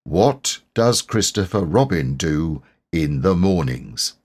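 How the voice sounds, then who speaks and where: Storybook rabbit, as a man puts him on: brisk, self-important, slightly raised, lively. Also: sits low, full character voice.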